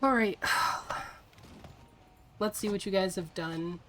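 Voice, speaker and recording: A woman streaming a video game, chatting casually with her viewers in an exasperated, teasing way and quick to laugh. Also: mid-range voice, a bit bright, soft background music.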